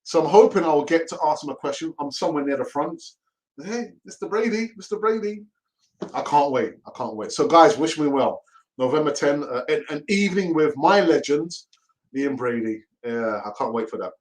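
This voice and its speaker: Chatty, laughing football fan host. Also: male voice, fairly high pitch, expressive, brisk, a little mellow, rough recording. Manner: chatty and laughing, often repeats himself. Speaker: host of a fan live stream. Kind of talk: casual live-stream chat.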